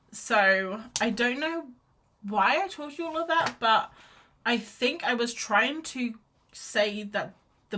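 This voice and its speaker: A young woman livestreams herself sketching while chatting in a rambling, casual way, full of fillers and restarts. Her voice is medium-pitched, pushed and bright, with slight background noise.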